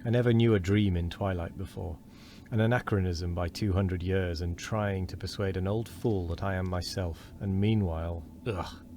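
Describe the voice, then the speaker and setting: A man's voice: low-pitched, steady tone, normal speed, dark tone, a little hiss or hum. A man reading an exasperated, insistent man. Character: bewildered, exasperated man out of his time.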